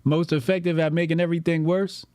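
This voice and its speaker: A man's voice: fairly high pitch, level tone, fast talker, darkish tone, no echo, clean studio sound. A man hosting a political commentary livestream, talking bluntly and profanely and reading out viewer donations. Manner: blunt and profane, with lots of repetition.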